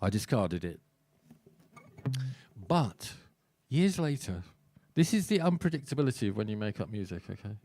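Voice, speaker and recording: A man's voice: fairly low pitch, sing-song, moderate pace, dark tone. Man, singer-songwriter, onstage banter, wry, self-deprecating, small venue. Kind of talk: stage banter between songs at a live show.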